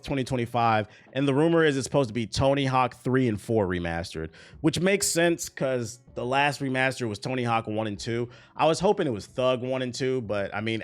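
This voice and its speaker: A young man in his twenties, a streamer, talking through gaming news in a casual, rambling and profane way. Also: medium pitch. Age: 20s.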